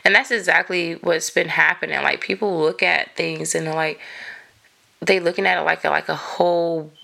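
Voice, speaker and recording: A woman's voice: on the low side, fairly even intonation, moderate pace, gravelly, sharp tone. A woman in her thirties hosting a podcast, talking casually and encouragingly with lots of filler words. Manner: chatty, many "like" fillers, encouraging. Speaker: podcast host. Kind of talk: casual motivational monologue.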